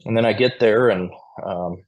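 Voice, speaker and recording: Low-voiced man telling stories. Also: normal speed. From Montana, USA. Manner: chatty anecdotal storyteller, chuckling now and then. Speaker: square dance caller, podcast guest. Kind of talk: casual storytelling interview.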